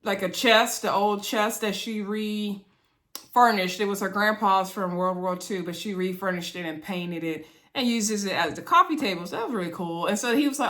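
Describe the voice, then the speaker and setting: A woman's voice: mid-range voice, normal speed, sharp tone. Chatty woman recapping reality TV. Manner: chatty, laughs often, talks to viewers as y'all. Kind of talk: casual chat to viewers.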